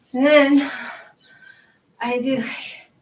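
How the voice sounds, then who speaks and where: A woman's voice: sits high, flat delivery, extremely slow, low-quality recording. A woman chatting casually on her video channel, rambling with lots of "like" and laughing while she tries yoga stretches, a little out of breath. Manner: rambling, chatty, laughs often, says "like" a lot. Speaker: tarot channel host. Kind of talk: casual chat while showing yoga moves. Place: at home with her dog.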